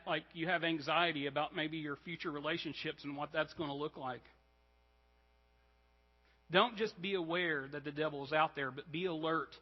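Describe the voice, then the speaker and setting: A male pastor with a somewhat high voice gives a relaxed, chatty sermon, often checking in with the room. The recording is dull and muffled. A long church-hall reverb trails behind his words. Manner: casual, frequent "like" and "right?" check-ins. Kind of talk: conversational sermon. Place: church sanctuary.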